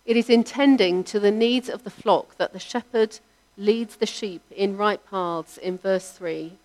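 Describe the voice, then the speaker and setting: A woman with a mid-range voice preaches a sermon, her delivery measured and reflective, with the ends of her lines trailing off softly.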